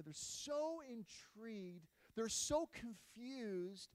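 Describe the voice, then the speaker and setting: Guy preaching a sermon, high voice, dry close sound, acts out the story loud then soft. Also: measured pace, dry recording, low-quality recording. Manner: animated storytelling, acting out quotes in shifting loudness. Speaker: pastor.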